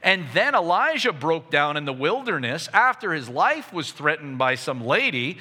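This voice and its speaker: A man preaching a sermon to his congregation, impassioned and building to near shouts. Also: high-pitched, big pitch swings, normal speed, hardly any pauses. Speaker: pastor. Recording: long reverb of a hall.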